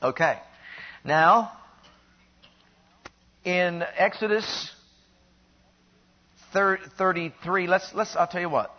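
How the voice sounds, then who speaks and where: A man preaching a sermon in an animated way, building to emphatic peaks and then dropping low. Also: slow, pauses often. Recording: dull lo-fi recording.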